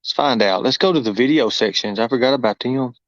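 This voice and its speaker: Here a fast-talking, medium-pitched man from Kentucky, middle-aged, chats on his livestream with folksy, rambling exclamations. There's no room sound, but the recording comes through muffled and dull.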